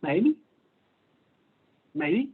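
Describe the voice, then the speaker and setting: A man's voice: sits high, big pitch swings, extremely slow, husky, phone-quality sound, heavily acted. A man lecturing, voicing a green cone cell that tentatively reports a slight tingle. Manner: hesitant, tentative. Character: faintly stirred green cone cell, hesitant.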